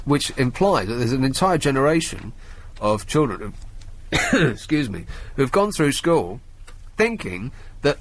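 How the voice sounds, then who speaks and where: A man's voice: mid-range voice, very animated, a little slow. A man hosting a radio phone-in in a studio, talking casually in a sardonic, mocking way. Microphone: studio microphone.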